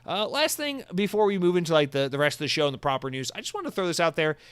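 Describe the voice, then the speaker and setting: Fast-talking, self-mocking male podcast host. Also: on the high side, very animated, a bit bright, smooth, no echo. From United States. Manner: rambling, self-mocking, jokey asides. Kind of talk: solo podcast chat.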